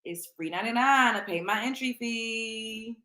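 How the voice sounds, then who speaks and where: A woman hosting a show, reacting to a clip in casual commentary, sassy and loud as she teases her audience. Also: a little high, moderate pace, roomy sound.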